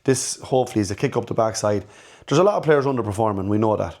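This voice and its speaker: A middle-aged man with a fairly low voice talks through a football match in a loose, unscripted way. He is blunt and frank, often stumbling and repeating words as he thinks aloud. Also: fast, a little mellow. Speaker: football fan channel host. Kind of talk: casual fan reaction chat.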